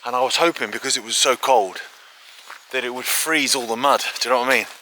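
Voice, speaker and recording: Excitable man with a very bright voice. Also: mid-range voice, quick pace, slight background noise. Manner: chatty and excitable, with frequent filler asides. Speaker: host of walking exploration videos. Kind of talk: casual walk-and-talk to camera. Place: outdoors in fields, woods and an old quarry.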